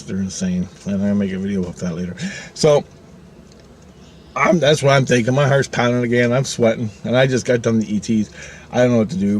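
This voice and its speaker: A man's voice: on the low side, a little hiss or hum. Man swearing through a wild story. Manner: profane and animated, laughs often. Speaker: channel host. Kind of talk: casual storytelling.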